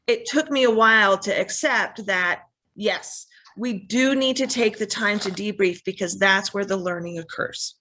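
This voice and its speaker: A woman EMS educator presenting in a webinar, earnest and explanatory, with quick asides. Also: medium pitch, sharp tone.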